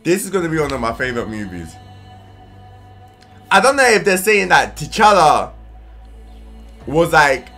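A man from London with a London accent, reacting casually to a trailer as host and bursting into whoops and shouts. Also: a little high, sing-song, a little slow, pauses often. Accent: London English. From London, England. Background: trailer music playing faintly.

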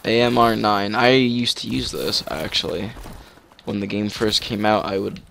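A man giving casual gameplay commentary, excitable, with sudden shouts and yelps. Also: lowish voice, moderate pace, vocal fry, a little hiss or hum. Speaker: gaming commentator.

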